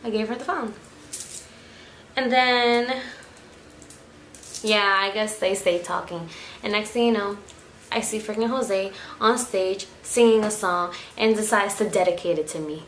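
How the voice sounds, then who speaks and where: A young woman vlogger telling a story at home in a casual, animated way, full of swearing and quick bursts of speech. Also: medium pitch, slight background noise. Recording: echoey room.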